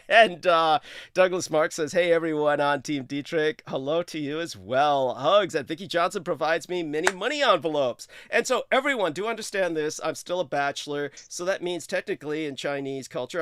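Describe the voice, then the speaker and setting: A man in his thirties hosting a casual livestream, effusive and full of hesitant fillers, with sudden high exclamations. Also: moderate pace, fairly bright tone, smooth, dry recording, studio quality. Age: 30s. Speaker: show host.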